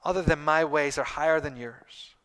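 A middle-aged man preaching a sermon to his congregation, earnest, repeating phrases and pausing for emphasis. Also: fairly high pitch, steady tone, a bit bright, clean tone. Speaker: pastor.

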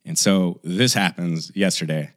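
Low-pitched man, dry close mic, animated storyteller, casual podcast chat. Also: measured pace, dry recording. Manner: animated storyteller acting out quoted voices. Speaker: podcast co-host.

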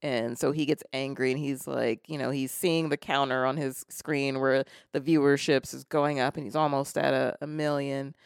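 A man's voice: medium pitch, little pitch movement, moderate pace, creaky, hardly any pauses, smooth, dry recording, studio quality. A man co-hosting a podcast, retelling horror film scenes in a casual chat with lots of fillers and restarts. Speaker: podcast co-host.

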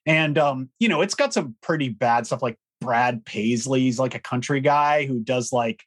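A man's voice: mid-range voice, measured pace. A man co-hosting a music podcast, talking casually and frankly, with plenty of fillers and blunt opinions. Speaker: podcast co-host. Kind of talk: casual chat about music history.

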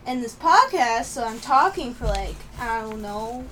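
A woman's voice: a little high, expressive, a little slow, a bit bright, far from the mic, a little hiss or hum, low-quality recording. A young woman co-hosting a podcast, rambling and giggly in casual chat, her voice a little sore and strained. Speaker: podcast co-host.

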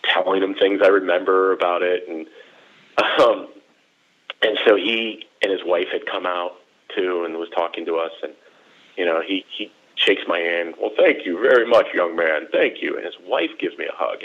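A man telling a personal story in a casual, animated way, jumping into quoted voices. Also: normal speed. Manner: animated, acts out quoted voices with big pitch jumps. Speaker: storyteller guest. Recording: dull lo-fi recording.

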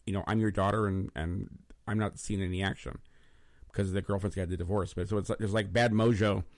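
Gravelly-voiced rambling talk show host man. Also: low-pitched, steady tone, fast talker, dry recording, studio quality. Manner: rambling, many restarts and repeated words. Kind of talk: casual talk show chat. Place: studio in Los Angeles.

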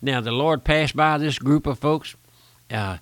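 A man's voice: medium pitch, unhurried, a bit bright, no room sound. An older man preaching a folksy radio sermon, pleading with the listener and rising to emphatic peaks.

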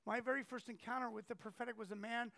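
A man preaching a sermon through animated stories, acting out the people he quotes. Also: extremely high pitch, fast talker, vocal fry. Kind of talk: storytelling sermon.

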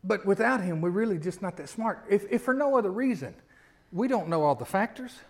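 Middle-aged male pastor, high voice, chatty sermon delivery with rhetorical questions that swells to loud emphatic climaxes. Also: expressive, fairly quick. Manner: conversational preaching, rising to loud emphatic peaks, frequent rhetorical questions.

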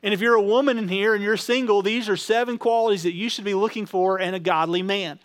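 A man preaching a sermon as pastor, telling stories in a relaxed way with many fillers. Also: high voice, fast talker. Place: church auditorium.

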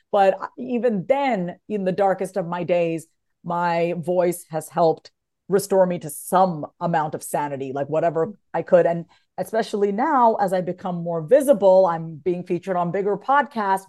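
Woman author being interviewed, open and emotional, soft mellow tone. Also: lowish voice, moderate pace. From United States. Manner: candid and emotional, swings from tearful to laughing. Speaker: podcast guest, author. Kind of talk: candid interview conversation.

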